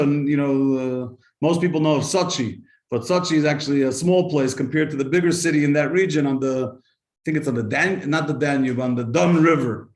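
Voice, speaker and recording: In a reverberant space, a rabbi with a voice on the high side leads an energetic Torah lesson for a live group. He tells stories, asks rhetorical questions, and translates Hebrew quotations as he goes.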